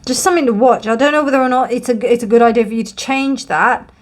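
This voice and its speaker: A woman's voice: a little high, quick pace. A woman giving a tarot card reading to camera, musing and reassuring as she thinks aloud with many fillers and frequent yawns. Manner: yawns often during readings. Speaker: tarot reader.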